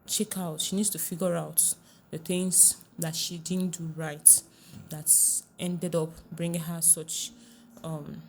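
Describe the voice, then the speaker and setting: A woman relationship coach talks through her advice in a podcast interview, earnest and emphatic. Her voice sits a little low, and she repeats her key points for weight. She drops to a hushed tone when she quotes other people. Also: flat delivery, slow pace, gravelly, slight background noise.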